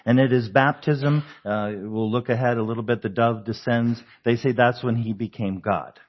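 A man's voice: mid-range voice, fairly even intonation, moderate pace, slightly rough, lo-fi sound. A man preaching a conversational sermon, asking the congregation questions and chuckling often. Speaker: pastor.

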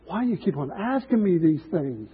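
A man's voice: high-pitched, big pitch swings, moderate pace, husky, exaggerated voice. A man doing a simple, baffled healed blind man. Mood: wondering. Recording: tinny phone-like line.

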